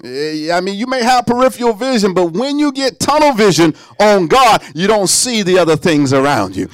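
A man preaching a sermon in a high, very lively voice that climbs into near-song and then drops to a hushed murmur. The sound is dry and close. He talks in an easygoing Southern Black way. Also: normal speed, no room sound. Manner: animated preaching with sung lines and dramatic drops to a hush.

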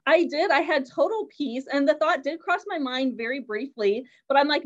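A middle-aged woman telling an earnest personal faith testimony in steady storytelling. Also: sits high, moderate pace, hardly any pauses, muffled recording. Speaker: guest sharing a testimony.

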